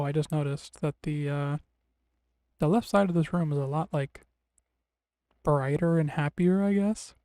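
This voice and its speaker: A man streaming a game live, making relaxed, rambling commentary with wry, sarcastic asides. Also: a little high, no echo, studio quality. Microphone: desk mic on a streaming setup.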